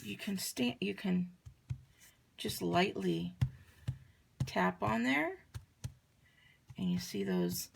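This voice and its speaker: Crafty lady showing a card project, slow and gravelly, chatty and relaxed. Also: fairly low pitch, slight background noise. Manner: chatty, relaxed, talks while working. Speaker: card-making instructor. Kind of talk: crafting tutorial demonstration.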